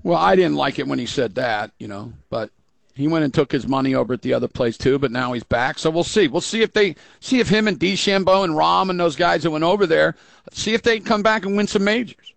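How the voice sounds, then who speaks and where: A man's voice: fairly high pitch, expressive, fairly quick, gravelly, dry recording. A man hosting sports talk radio, blunt and folksy, rambling through his opinions.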